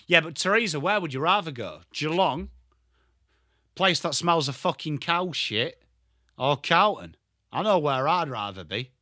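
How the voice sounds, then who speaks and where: A young Englishman with an English accent hosting a live football watchalong stream, excitable and sweary, rattling off player names, tired from little sleep. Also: a little high, measured pace, no echo, studio quality. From England. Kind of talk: live commentary and chat stream.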